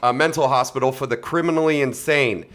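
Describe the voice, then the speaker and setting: A man's voice: medium pitch, brisk, fairly bright tone. A man co-hosting a casual film podcast, summarizing plots with frequent laughs. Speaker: podcast co-host. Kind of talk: casual chat.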